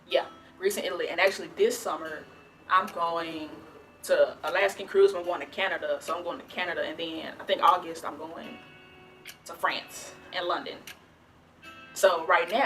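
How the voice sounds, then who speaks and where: A young woman from the Southern United States answers viewer questions in a casual Q&A vlog, chatty and rambling, full of restarts and "like." Her voice is on the low side and a bit bright.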